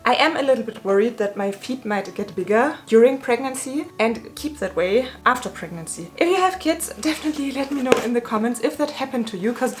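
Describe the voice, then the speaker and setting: A woman's voice: fairly high pitch, expressive, brisk, few pauses. Chatty, slightly breathless woman vlogger. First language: German. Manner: chatty and personal. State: a little out of breath. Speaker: fashion vlogger. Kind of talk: casual shopping recap.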